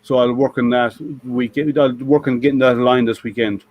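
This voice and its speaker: A man's voice: medium pitch, steady tone, fairly quick, no room sound, highs cut off. A man hosting a casual online maker hangout, chatty and laughing often, trailing off with ums. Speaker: host of a maker hangout stream. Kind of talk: casual chat.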